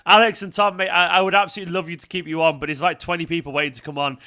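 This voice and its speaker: Bright, excitable man. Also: a little high, rapid-fire. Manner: excitable, swears freely. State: emotional after crying. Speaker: fan channel host. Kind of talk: casual live stream chat.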